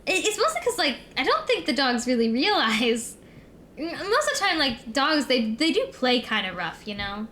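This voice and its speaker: A young adult woman streamer rambles through a long story in casual chat, filling it with "like" and "um." Her voice sits high and sounds sharp, very animated at a moderate pace.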